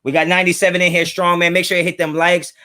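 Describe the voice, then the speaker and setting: A man's voice: sits high, level tone, quick pace, pushed and bright. A man hosting a casual livestream from home, talking in laid-back slang and greeting chatters by name. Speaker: livestream host. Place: home, kids in another room.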